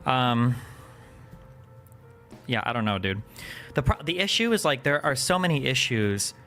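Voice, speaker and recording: A young man streaming live commentary into a desk mic, his bright, forceful voice pushing through a steady rant. He swears freely, leans on fillers like "like" and "um," and stays heated from one point to the next. Faint music sits low behind him. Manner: heated, profane, rapid ranting with frequent fillers. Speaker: political streamer.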